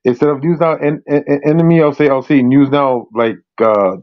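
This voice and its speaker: A man in casual chat who talks haltingly, full of restarts and fillers. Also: medium pitch, fairly even intonation, dull audio. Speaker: panel participant.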